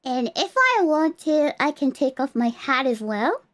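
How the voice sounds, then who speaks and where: A woman's voice: high-pitched, very animated, measured pace. A woman VTuber streamer showing off her outfit in a cutesy, playful, exclamatory way. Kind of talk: casual live-stream outfit showcase.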